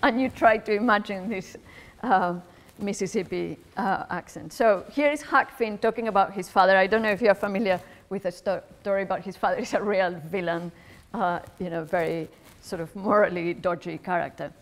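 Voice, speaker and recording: In a lecture hall, a Spanish-accented woman gives an academic philosophy lecture, explaining carefully and thinking aloud as she goes. Her voice is medium in pitch at a normal speed.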